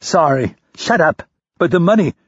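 A panicked male captive whimpers and begs in a thin, raised voice, as a man reading an audiobook puts him on. The tone is husky, and the recording is dry and slightly dull. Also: a little high, lively intonation, normal speed, no room sound, pitched above the performer's own voice. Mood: pleading. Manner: pleading, whimpering. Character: frightened captive man begging, feigning weakness.

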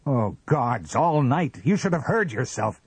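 A jealous husband in a read-aloud story, bad-tempered and demanding, his voice pushed a little higher than the narration by the man reading. The tone is dark and slightly husky, recorded dry and close. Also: sing-song, normal speed, dry recording, exaggerated voice. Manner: sharp and demanding.

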